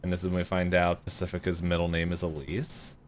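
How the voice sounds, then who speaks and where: A man co-hosting a podcast, going through wiki notes in casual chat with frequent ums and pauses. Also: low-pitched, completely flat delivery, a little hiss or hum. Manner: hesitant, lots of ums while reading notes. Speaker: podcast co-host.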